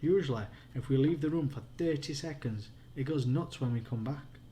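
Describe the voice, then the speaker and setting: A Yorkshire man plays a stubborn, squeamish little boy from a spooky storybook. The voice sits well above his own, whiny and shrill. It comes from a bedtime reading. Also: moderate pace, dark tone, slight background noise, natural voice. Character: stubborn, squeamish young boy, the younger brother.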